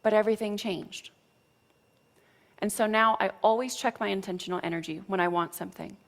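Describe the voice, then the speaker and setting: A woman's voice: mid-range voice, fairly quick, gravelly. A woman teaching as a spiritual coach, talking frankly and casually, with mild cursing and frequent check-ins with her listeners. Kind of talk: motivational teaching talk.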